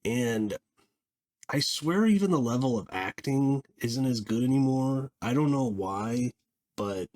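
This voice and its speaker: A man giving a casual spoken film review, rambling and halting, with frequent restarts and small laughs. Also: mid-range voice, darkish tone.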